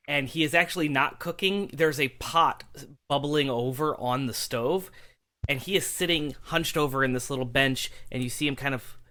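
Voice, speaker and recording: A man narrating a tabletop game as game master, describing scenes in a relaxed way. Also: medium pitch.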